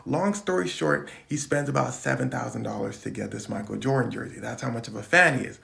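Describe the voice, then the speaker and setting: A storyteller retelling a celebrity anecdote casually, swinging between hushed whispers and loud bursts. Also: mid-range voice, fairly quick, creaky.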